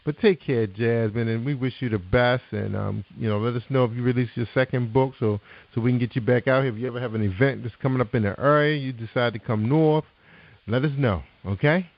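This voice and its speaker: A man's voice: mid-range voice, a little fast, dry recording. A man hosting an internet radio show, upbeat and encouraging, with many ums and you-knows. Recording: muffled lo-fi sound.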